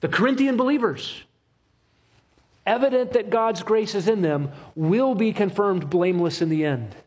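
Man preaching a sermon, highish husky voice, hits the key lines slow and heavy. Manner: emphatic, rhythmic repetition with slow stressed phrases. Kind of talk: expository sermon.

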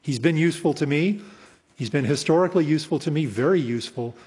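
Man preaching a verse-by-verse sermon, husky, earnest, repeats for emphasis; reverberant hall. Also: a little high, fast, a little mellow. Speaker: pastor. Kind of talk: expository sermon.

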